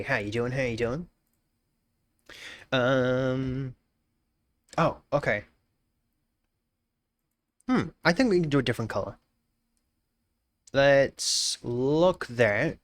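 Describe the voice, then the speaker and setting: A man's voice: medium pitch, dry recording. A young Australian man chatting casually on a live stream, musing aloud, repeating phrases and greeting viewers by name.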